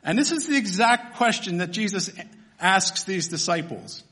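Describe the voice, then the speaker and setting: A man's voice: high voice, lively intonation, normal speed, pushed and bright. A man preaching a sermon in a church, humorous and conversational, often asking his listeners questions. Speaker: pastor.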